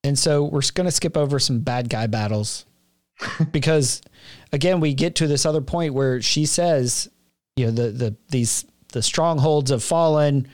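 A man's voice: medium pitch, a little slow, no room sound, clean studio sound. Reflective man discussing scripture. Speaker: podcast co-host. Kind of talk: casual faith podcast chat.

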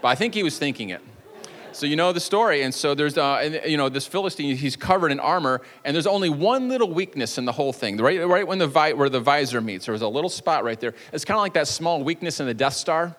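A man's voice: a little high, lively intonation, fast, fairly bright tone, long reverb tail. A male pastor preaching a sermon in a church, telling a story with jokey asides and playful energy. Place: church sanctuary.

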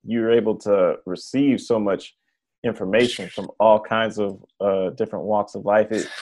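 A man hosting a casual interview over a video call, asking questions in a halting way with many restarts. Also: fairly low pitch, steady tone, a little mellow. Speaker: interviewer host.

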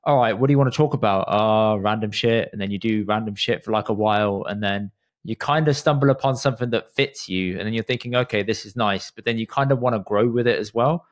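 A man's voice: on the low side, steady tone, brisk. A man hosting a podcast, talking in long, reflective run-on thoughts in a casual chat. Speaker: podcast host.

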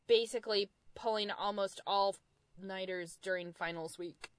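A young American woman in casual podcast talk, weighing her words and hedging her points. Her pitch sits in an ordinary middle range. The sound is dry and close. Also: steady tone, moderate pace, clear, resonant tone, no room sound. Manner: thoughtful, hedging, with soft laughs. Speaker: podcast co-host. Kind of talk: casual chat.

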